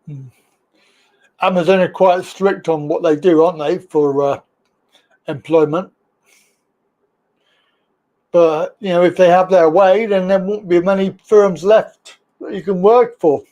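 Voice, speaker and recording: High-voiced Brummie man hosting a livestream. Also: fairly even intonation, measured pace, long pauses, mellow, lo-fi sound. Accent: Birmingham. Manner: chatty, rambling, teasing. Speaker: livestream host. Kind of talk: casual live-stream chat.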